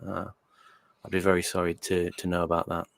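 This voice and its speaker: A man co-hosting a livestream chat, speaking in a polite, measured way. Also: sits low, completely flat delivery, gravelly, no echo. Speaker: podcast co-host.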